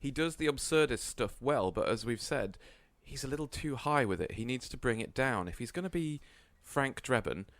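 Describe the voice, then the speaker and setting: A man's voice: medium pitch, expressive, normal speed, few pauses, fairly bright tone, no room sound. A young man in his twenties co-hosting a podcast, chatting casually and plainly about a film. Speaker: podcast co-host. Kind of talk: casual film review chat.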